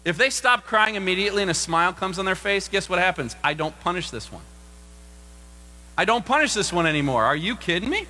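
A middle-aged man preaching a sermon as pastor, animated and acting out voices in the stories he tells. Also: fairly quick. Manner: animated, acts out quoted voices with big pitch jumps. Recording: long reverb of a large room.

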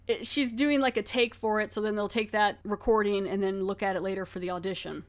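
A woman's voice: mid-range voice, steady tone, fairly quick. Podcast host, woman, chatty recap voice, loose and filler-heavy. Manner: chatty, laughing, many fillers. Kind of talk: casual episode recap.

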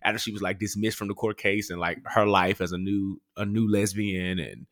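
A man co-hosting a podcast, talking in animated casual chat and laughing often as he tells stories. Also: on the low side, a little fast. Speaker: podcast co-host.

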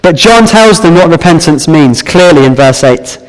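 A man preaching a sermon, explaining a Bible passage in an earnest, measured way. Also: on the high side, animated. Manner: earnest, measured Bible exposition with some restarts. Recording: reverberant hall.

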